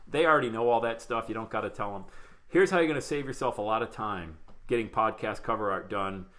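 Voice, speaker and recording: A man running a live online podcasting workshop, talking fast and chatty, greeting viewers by name as he shares his screen. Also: lowish voice, fairly bright tone. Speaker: podcast coach. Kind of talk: live webinar training.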